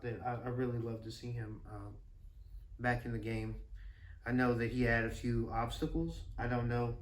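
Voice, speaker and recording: A man with a bright, forceful tone tells stories to his son in a loose, rambling way, often laughing and drifting off track. The room is echoey and the mic sits some distance away. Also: mid-range voice, vocal fry, slight background noise. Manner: rambling, animated, quick to laugh, with many restarts and fillers. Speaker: podcast host and father. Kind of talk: casual storytelling chat.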